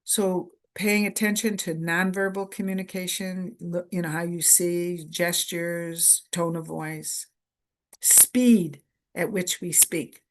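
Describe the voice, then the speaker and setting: A woman gives a conference lecture at an unhurried, measured pace. Her voice sits on the lower side, and she drives points home by repeating key phrases as short lists. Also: fairly even intonation. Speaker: workshop presenter.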